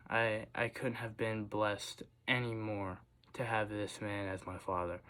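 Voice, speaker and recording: A young man giving a heartfelt tribute to his father, earnest and halting, with frequent restarts. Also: fairly low pitch. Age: young adult. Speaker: senior athlete thanking his father.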